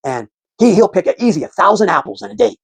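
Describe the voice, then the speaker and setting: Fast, gravelly man explaining civics. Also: high voice, big pitch swings, dry recording. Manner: rambling, many restarts and fillers. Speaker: civics commentator. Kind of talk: casual explanatory talk.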